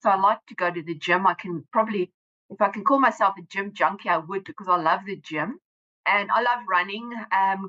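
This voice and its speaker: A South African woman in her fifties, chatting as an interview guest in a rambling way with quick self-corrections. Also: medium pitch, sharp tone, muffled recording. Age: 50s. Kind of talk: casual interview chat.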